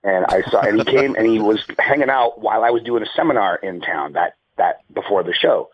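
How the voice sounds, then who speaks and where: A man's voice: on the low side, a little fast, slightly rough, no room sound. A man who is a podcast guest, telling rambling stories in casual chat and making fun of himself, heard over a dull lo-fi remote line. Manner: rambling, self-mocking storyteller.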